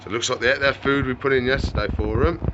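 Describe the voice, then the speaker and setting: A man's voice: medium pitch, fairly even intonation, fast, a bit bright, dull audio, a little hiss or hum. A man running a reptile shop, chatting casually on camera and talking to his animals. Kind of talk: casual vlog chat.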